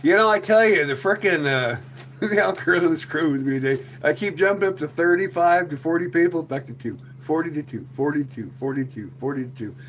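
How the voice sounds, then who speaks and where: A man's voice: fairly high pitch, a little fast, fairly bright tone, a little hiss or hum. A man hosting a casual livestream chat, rambling and joking, often slipping into silly voices. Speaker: livestream host.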